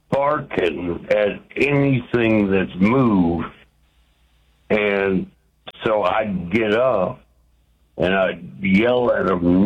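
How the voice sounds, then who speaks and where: A man calling in to a radio show, telling his story in a slow, plainspoken way over a phone line. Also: on the low side, husky. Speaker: radio caller.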